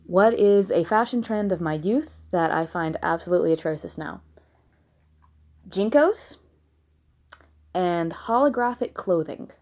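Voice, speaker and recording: A Southern American woman with a fairly low, expressive, slightly mellow voice reads listener questions aloud at home, a dog nearby. She answers them frankly and bluntly in an unhurried casual Q&A monologue, pausing often and slipping in giggly, laughing asides.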